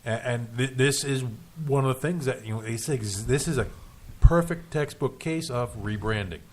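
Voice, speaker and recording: A man co-hosting a casual radio show in a studio, talking in halting restarts with dry jokes. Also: medium pitch, darkish tone. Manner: hesitant, restarts often, dry joking.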